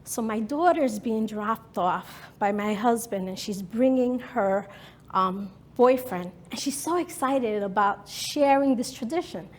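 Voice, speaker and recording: A woman's voice: on the high side, a little slow. A woman in her fifties from New York, telling a personal story in a talk with dramatic, emotional present-tense narration. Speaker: speaker.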